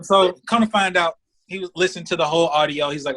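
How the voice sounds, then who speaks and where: A man's voice: on the high side, fast. A man as a podcast guest, telling a story in casual, profane talk and acting out the voices of the people in it. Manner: profane, animated, acts out voices in anecdotes.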